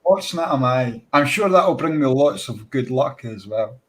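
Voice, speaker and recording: A man chatting as a guest on an online show, speaking at a middling pitch. His voice rises and falls expressively, and he phrases things in an elaborate, theatrical manner. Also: expressive, moderate pace. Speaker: guest on a livestream chat show. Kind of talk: casual chat.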